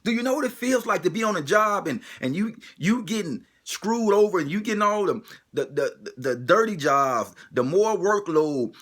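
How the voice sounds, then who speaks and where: A man's voice: high-pitched, expressive, normal speed, fairly bright tone. A man delivering an emotional spoken monologue, driving it forward with the same pointed rhetorical question again and again.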